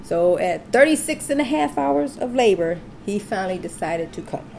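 Woman telling a lively story. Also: mid-range voice, moderate pace, creaky, slight background noise. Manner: animated, acts out quoted voices. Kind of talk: casual personal storytelling.

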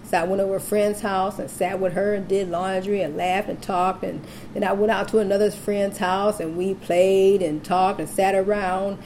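A woman's voice: medium pitch, normal speed, few pauses, slight background noise. A woman casually telling a personal story, acting out the voices of the people she quotes. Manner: animated, acts out quoted voices.

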